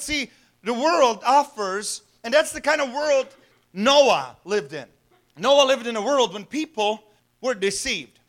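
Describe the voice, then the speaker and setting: A man's voice: high-pitched, pushed and bright. A man preaching a sermon as a pastor, conversational, asking the congregation rhetorical questions and chuckling now and then.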